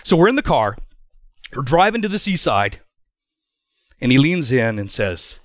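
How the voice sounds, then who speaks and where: A middle-aged man telling a personal story in a sermon, speaking in an animated, emphatic way with frequent restarts. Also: medium pitch, unhurried, pauses often, no room sound. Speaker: preacher.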